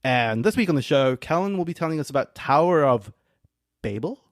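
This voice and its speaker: A man's voice: a little high, lively intonation, quick pace, dry recording, studio quality. A man hosting a casual podcast chat, upbeat and jokingly self-assured. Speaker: podcast host.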